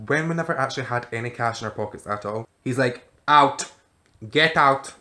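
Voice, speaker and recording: A young Glaswegian man telling a rowdy night-out story straight to camera. His voice sits in an ordinary middle register, and he talks in a loose, chatty way with frequent swearing and animated asides to his viewers. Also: mid-range voice, fast. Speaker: vlogger. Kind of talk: casual storytelling vlog.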